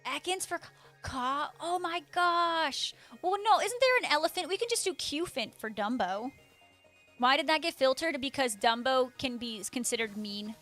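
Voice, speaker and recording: A young woman with a high voice talks in a bubbly, chatty way on a live stream, answering her viewers as she goes. Faint music plays behind her. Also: expressive, normal speed, fairly bright tone. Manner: bubbly, chatty, reads chat aloud. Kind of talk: casual live-stream chat.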